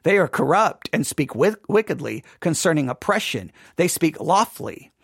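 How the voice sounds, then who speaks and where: Guy with a pretty high voice doing a bible study, reads verses then talks them through, dry close sound. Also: big pitch swings, normal speed, vocal fry, husky, no room sound. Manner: reads scripture aloud, then explains it conversationally; acts out voices of the proud and the doubter. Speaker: Bible teacher.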